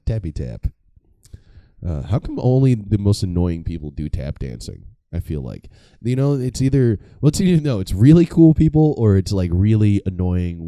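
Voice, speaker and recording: A young man hosts a comedy podcast, delivering a casual, profane monologue that rambles along as he mocks himself and laughs at his own jokes. His voice is low and dark, and the recording is dry.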